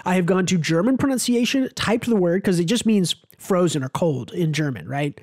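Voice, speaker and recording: An American man with a high-pitched voice talks casually as a podcast co-host, animated and quick to swear. The sound is dry and close to the mic, with no room echo at all. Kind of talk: casual chat.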